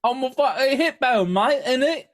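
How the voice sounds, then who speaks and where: A man voicing a cheeky hippo goddess lady in a put-on British accent, raising his voice high and loud. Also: lively intonation, normal speed.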